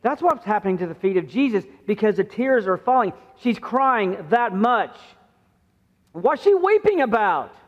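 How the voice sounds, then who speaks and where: High-voiced pastor preaching in a reverberant church. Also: male voice, big pitch swings, normal speed. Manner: conversational preaching, acting out quoted voices with rising pitch. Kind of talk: sermon. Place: church sanctuary. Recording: muffled church sound with long reverb.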